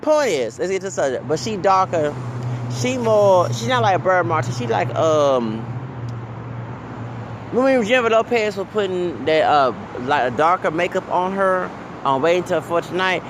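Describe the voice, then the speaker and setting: A man's voice: sits high, animated, moderate pace, noisy background. A man from Texas, ranting casually as a vlogger, rambling, stumbling over repeated "uh"s and tagging lines with "okay?". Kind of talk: casual rant to camera.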